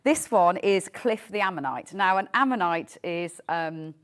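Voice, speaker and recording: A woman's voice: fairly low pitch, lively intonation, measured pace. A woman designer chatting on a TV shopping show, explaining her products in a hesitant, self-deprecating way. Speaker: craft designer guest.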